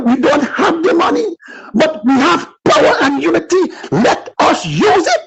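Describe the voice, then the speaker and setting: A man's voice: extremely high pitch, expressive, unhurried, gravelly, poor audio. A man with a Guyanese accent, calling in to rant about politics with fervent, preaching passion. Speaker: caller. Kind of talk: impassioned political call-in rant.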